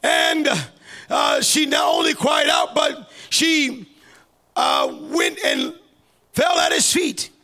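A man preaching a sermon as pastor, fervent and building into shouted cries. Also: very high-pitched, wildly swooping pitch, takes it slowly.

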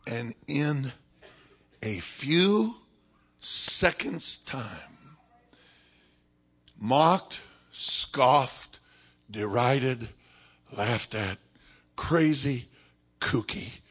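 A man preaching a sermon, telling a story dramatically and swinging from shouts down to whispers. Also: medium pitch, animated, drawn-out words, long pauses, breathy edge.

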